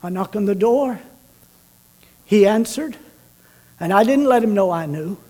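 A man preacher telling a story in a sermon, swinging from loud, urgent bursts to hushed, slow passages. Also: sits high, expressive.

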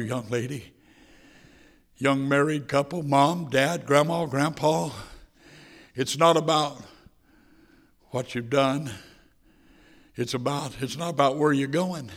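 A male preacher delivers an impassioned sermon, weaving a story into it. His mid-pitched voice drops to near hushes and then swells loud.

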